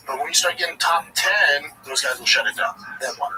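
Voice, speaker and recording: A man's voice: fairly high pitch, quick pace, few pauses. A man hosting a casual sports talk show, blunt and profane, often acting out what others said. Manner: blunt and profane, acts out quotes. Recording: distant mic with background noise.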